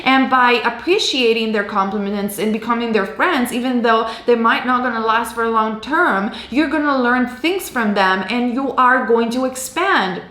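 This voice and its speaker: A woman's voice: fairly high pitch, normal speed, hardly any pauses, a bit bright. Reassuring woman reading tarot, roomy. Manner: emphatic, reassuring, repetitive. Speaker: tarot card reader. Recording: roomy echo.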